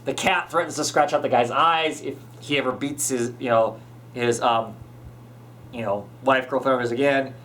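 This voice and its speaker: A man's voice: medium pitch, steady tone, moderate pace, fairly bright tone, a little hiss or hum. A man hosting a podcast, chatting casually as he recaps a comic, full of fillers and restarts. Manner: rambling, many fillers and restarts. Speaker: podcast host.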